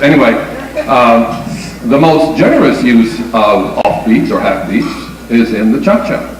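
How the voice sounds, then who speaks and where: A man's voice: mid-range voice, lively intonation, measured pace, crowd noise. A man giving a lecture on dance music, explaining step by step and counting beats aloud. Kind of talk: lecture with demonstration. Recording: echoey room from far off with faint noise.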